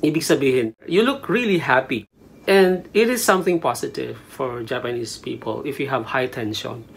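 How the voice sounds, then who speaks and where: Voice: mid-range voice, normal speed, vocal fry, breathy edge. A language teacher gives a casual lesson in a small room, mixing Tagalog and English and spelling words out letter by letter.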